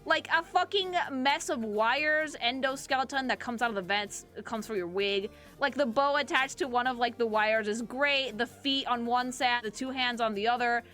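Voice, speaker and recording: Bright, excitable, swearing woman streamer. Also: a little high, normal speed, few pauses, faint music behind. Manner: excited, profane, gushing commentary to chat. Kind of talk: casual reaction stream chat.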